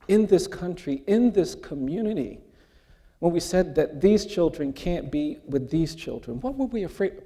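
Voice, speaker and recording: A man in his sixties tells a personal story during an onstage conversation. His delivery is measured and earnest, with a mellow, gravelly tone. The voice carries the long reverb of a large hall. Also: on the high side. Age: 60s. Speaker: guest speaker. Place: large hall before an audience.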